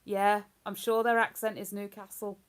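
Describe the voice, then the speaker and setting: A woman's voice: mid-range voice, flat delivery, moderate pace, background noise. A woman hosting a livestream in casual, rambling chat. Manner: rambling, chatty, breaks into hummed tunes. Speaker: livestream host.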